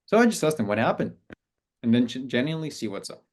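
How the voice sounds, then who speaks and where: A man's voice: medium pitch, sing-song, quick pace. A man coaching on client business in a casual, conversational talk, acting out sample messages.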